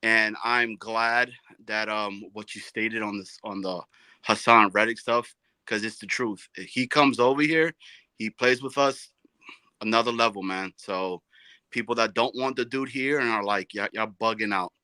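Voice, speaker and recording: A man's voice: fairly low pitch, fairly even intonation, a little slow, bright, forceful tone, clear, resonant tone, no echo, poor audio. A man calling into a sports show, talking laid-back with street slang and stumbling over words. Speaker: caller. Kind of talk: casual call-in chat.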